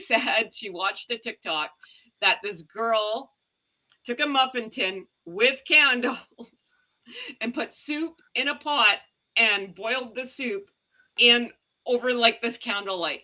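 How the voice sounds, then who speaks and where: A woman's voice: a little high, expressive, unhurried, pushed and bright, low-quality recording. An American woman hosting a casual livestream chat, telling stories and laughing often. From United States. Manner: chatty, laughs often, storytelling. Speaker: channel host.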